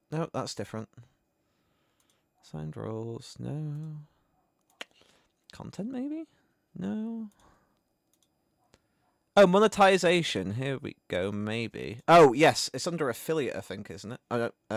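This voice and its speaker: A man hosting a game stream, chatting casually in a rambling, animated way. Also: medium pitch, slow pace, vocal fry, pauses often, no room sound, studio quality. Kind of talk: casual chat.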